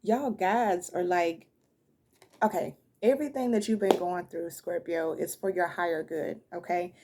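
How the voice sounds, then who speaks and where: A woman's voice: on the low side, unhurried, mellow, slight background noise. A woman doing a casual tarot reading, talking to her viewers as "y'all" and often laughing with emotion. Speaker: tarot reader.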